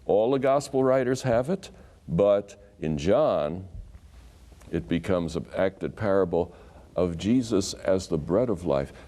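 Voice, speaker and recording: A man teaching scripture as a guest on a talk program. His voice sits low and sounds warm and mellow. He tells the stories in an animated way and acts out the quoted lines. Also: takes it slowly. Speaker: Bible scholar guest. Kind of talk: explanatory teaching in conversation.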